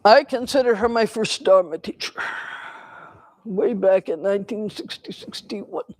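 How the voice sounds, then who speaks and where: An older woman speaks slowly and reflectively, pausing between thoughts as she gives a dharma talk. Her voice is recorded dry and close, with no room echo. Her pitch sits in a middling range. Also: a little mellow. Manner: slow, reflective storytelling with pauses. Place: temple hall.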